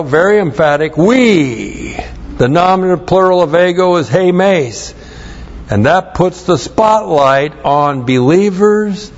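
A man's voice: on the high side, muffled recording. A man teaching a Bible passage, explaining Greek grammar, stressing and repeating key phrases and spelling out words letter by letter. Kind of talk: expository Bible teaching with Greek word study.

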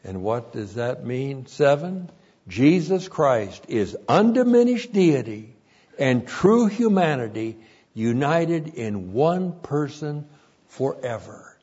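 A man delivers an expository sermon at an unhurried, measured pace, repeating each point for weight. His voice is slightly husky and swings widely in pitch, and the recording sounds muffled and lo-fi. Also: big pitch swings, dark tone. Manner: slow, deliberate, repeats each point for emphasis. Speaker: preacher.

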